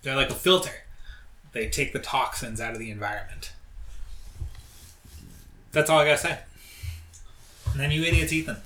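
A blunt, opinionated man chatting casually, swearing freely. His voice is bright and forceful. The room around him rings with echo. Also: medium pitch, animated, normal speed, long pauses, slight background noise. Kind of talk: casual chat.

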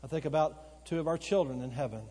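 A male pastor preaching a sermon, swinging between loud emphatic outbursts and slow, quiet, earnest stretches, repeating phrases for emphasis. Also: fairly high pitch, breathy edge. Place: church sanctuary. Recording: long church hall reverb. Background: occasional congregation responses.

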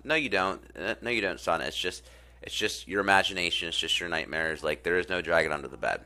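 A man voicing a dismissive, tired mother in a retold story, speaking flatly and with mild exasperation. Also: low-pitched, fast talker, heavily acted.

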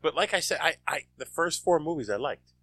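A man in casual chat, recalling details haltingly and repeating words. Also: fairly high pitch, lively intonation, pushed and bright, no echo.

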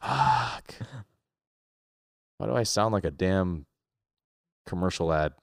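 A young podcast co-host chats casually, loose and self-mocking, swearing freely. His voice is deep and smooth, at a moderate pace, in a dry, clean studio recording.

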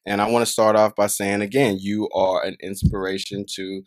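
A man hosting an interview, rambling warmly through his questions with lots of fillers. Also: on the low side, flat delivery, normal speed, no echo, clean studio sound. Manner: rambling, repeats filler phrases. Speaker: podcast host. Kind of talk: casual interview.

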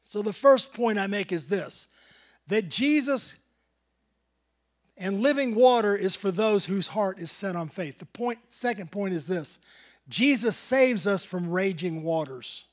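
A middle-aged man preaching a sermon, building to emphatic bursts and then dropping to quiet asides. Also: sits high, expressive, a little slow. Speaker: pastor.

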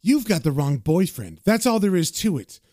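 A man's voice: high voice, sing-song, moderate pace, mellow, no room sound, clean studio sound. A man voicing a small sneering male thug with a knife, talking in a menacing way.

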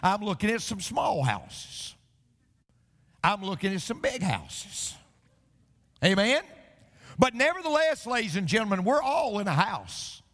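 High-voiced pastor guy preaching, swoops up and down a lot, jokes mixed w scripture, long echo like a big church hall. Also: unhurried, pauses often. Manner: storytelling preacher mixing jokes with scripture, animated delivery; occasional stammering restarts. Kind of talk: sermon. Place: church sanctuary.

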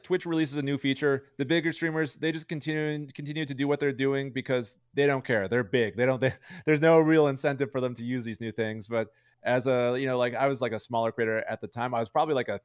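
A man's voice: medium pitch, fast talker, clean tone, no room sound, studio quality. A man talking as a streamer guest in a casual interview, rambling with lots of "like" and "you know" fillers.

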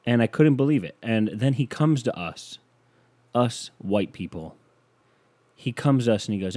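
Brief: young male podcast host, rambling self-mocking comic monologue, lowish voice. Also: moderate pace, a little mellow. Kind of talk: comedic solo podcast monologue. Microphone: studio microphone.

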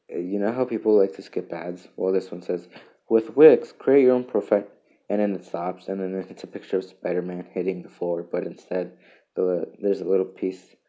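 A man hosting a casual solo podcast, reading memes aloud in a halting way with chuckles and restarts. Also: low voice, muffled recording. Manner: halting, self-interrupting, chuckles between lines. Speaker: podcast host.

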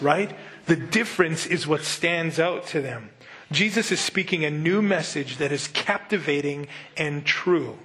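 Conversational man preaching, higher voice. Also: a bit bright. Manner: conversational preaching, rhetorical questions. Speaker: pastor. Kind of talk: sermon.

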